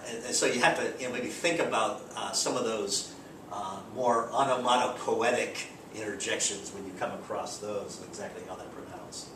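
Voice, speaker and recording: A man teaching a grammar lecture in a relaxed way, reading out example sentences. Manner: relaxed, explains with spoken examples and fillers. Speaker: English teacher. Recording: echoey room, distant mic, background rumble.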